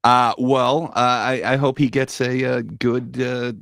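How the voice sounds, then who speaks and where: Brief: male panel host, mid-range voice, halting and full of fillers, dry close sound. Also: mid-range voice, little pitch movement, gravelly, fairly bright tone, clear, resonant tone, no room sound. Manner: hesitant, many fillers and restarts; enthusiastic, swears casually. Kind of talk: casual panel debate.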